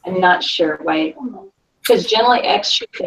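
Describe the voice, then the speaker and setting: A woman's voice: lowish voice, brisk. A woman teaching a Spanish class, explaining in a chatty way and checking in with the class with frequent "okay?". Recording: distant, dull lo-fi classroom recording.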